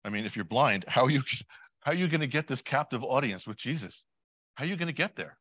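A man preaching a sermon in a conversational way, putting questions to the congregation, adding asides and clearing his throat often. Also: medium pitch, animated, quick pace, a bit bright, no echo. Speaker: lay preacher.

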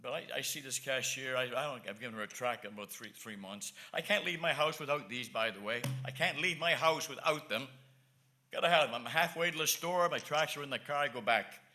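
A man preaching a sermon as an evangelist, earnest and repetitive, swinging between soft asides and emphatic lines. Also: medium pitch, a little fast.

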